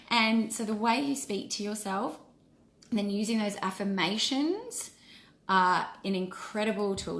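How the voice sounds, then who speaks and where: A woman's voice: medium pitch, fairly bright tone. A woman in her forties, a wellness coach, giving an earnest and encouraging casual live-stream talk. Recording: roomy echo.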